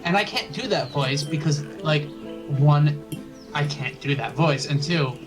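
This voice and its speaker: A man's voice: a little high, measured pace, over music. A man co-hosting a let's play in casual chat, hesitant and rambling with goofy jokes.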